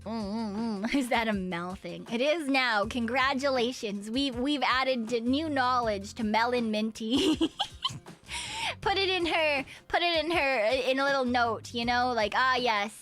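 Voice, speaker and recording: A woman's voice: on the high side, very animated, a little slow, a bit bright, soft background music. A woman streamer chatting casually with viewers, rambling, giggling often and swearing freely. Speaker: VTuber streamer. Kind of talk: casual stream chat reading viewer messages.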